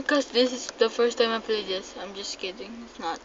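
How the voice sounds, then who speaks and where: Jumpy young Filipino woman gaming. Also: normal speed. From Philippines. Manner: jumpy, excitable, swings between loud panicked cries and low mutters. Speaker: gamer. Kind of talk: game commentary. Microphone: phone mic. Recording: dull lo-fi phone recording with faint noise.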